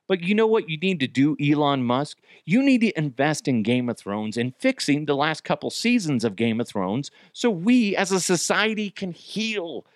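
Male podcast host, solo rant, profane and exasperated, sudden yells, animated pitch, dry close sound. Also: dry recording.

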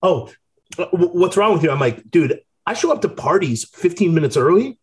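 A man's voice: high voice, animated, normal speed. A man in his late thirties hosting a casual chat, laughing easily and poking fun at himself. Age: 30s. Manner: laughs easily, self-deprecating. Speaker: podcast host.

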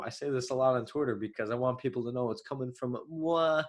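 A young man with a nasal, choppy Long Island accent talks through fight results on his MMA show. He rambles in loose, filler-heavy commentary. He keeps breaking into sudden excited outbursts. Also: mid-range voice, fast, hardly any pauses. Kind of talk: solo commentary.

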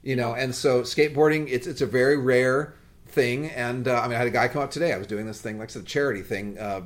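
A man's voice: mid-range voice, quick pace. A man hosting a podcast, telling stories in a rambling, jokey, casual way. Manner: animated, rambling, jokey storytelling. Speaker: podcast host.

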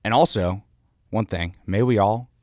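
Low-voiced man telling animated stories. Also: unhurried, no echo, studio quality. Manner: animated, rambling anecdotes with fillers and swearing. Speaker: guest, founder of an artist house. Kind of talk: casual storytelling in an interview.

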